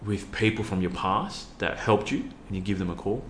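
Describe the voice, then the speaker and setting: A man's voice: fairly low pitch, moderate pace, echoey room, a little hiss or hum. A man, a youth worker, telling a personal story earnestly with many fillers and restarts. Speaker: podcast guest, youth worker.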